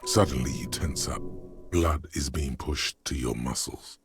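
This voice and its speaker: An actor playing a deep-voiced game narrator who speaks the detective's inner voices in an ominous manner. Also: male voice, measured pace, husky, faint music behind, exaggerated voice. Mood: brooding.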